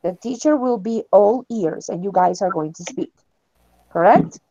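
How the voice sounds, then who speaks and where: A woman's voice: medium pitch, normal speed, highs cut off, noisy background. A woman teaching an English class online, encouraging her students and laughing often.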